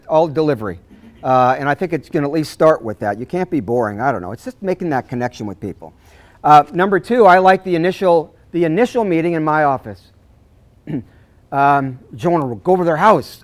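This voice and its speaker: A man giving a live seminar to real estate agents, acting out conversations with clients and clearing his throat often. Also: a little high, fairly quick. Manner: animated, acts out client dialogues, frequent throat clearing. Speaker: real estate sales trainer.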